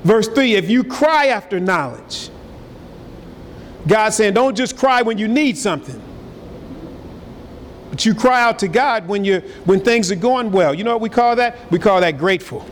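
A man preaching a sermon as pastor, energetic and swinging between loud and soft. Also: sits high, moderate pace, long pauses, slight background noise. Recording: hall reverb with faint ambience.

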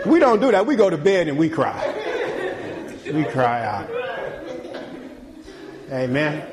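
Male preacher, slightly high voice, folksy call-and-response delivery that rises and drops sharply. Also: sing-song, takes it slowly, over a noisy crowd. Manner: swings from loud, high preaching to quiet, low talk. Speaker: pastor. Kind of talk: sermon.

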